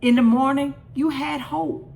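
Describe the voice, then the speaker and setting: A woman's voice: sits high, fairly even intonation, a little slow, vocal fry, darkish tone. A middle-aged woman hosting a faith encouragement show, speaking earnestly and directly to listeners with repeated, building phrases. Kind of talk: midday devotional encouragement.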